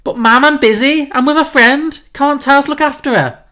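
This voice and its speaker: Stroppy young scouse girl, high and whiny, a man putting her on. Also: normal speed, pushed and bright. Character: young Liverpudlian woman, stroppy.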